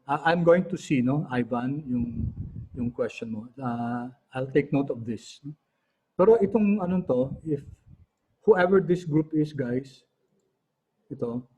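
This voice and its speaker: A Filipino-accented man teaches an online class in a halting way, full of fillers and the odd cleared throat. His voice is mellow and a little husky. The audio is dull and lo-fi. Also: mid-range voice.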